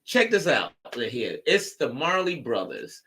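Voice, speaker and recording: Joking rambling guy co-hosting, bright voice that jumps all over, lotta ums. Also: medium pitch, a little slow. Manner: joking, rambling, animated with many fillers. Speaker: co-host. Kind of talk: casual chat.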